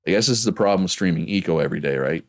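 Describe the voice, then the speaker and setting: Streaming a game and reading chat, a man from Prince Edward Island, Canada, rambles casually in his local accent. His voice is deep, his intonation lively, and he talks at a rapid-fire clip.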